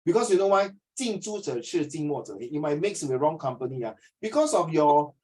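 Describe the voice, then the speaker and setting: A middle-aged Singaporean man speaks in a fairly high voice, teaching a class over a video call. He lectures in an earnest, preachy way and mixes Mandarin phrases into his English. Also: lively intonation, fairly quick, darkish tone, rough recording.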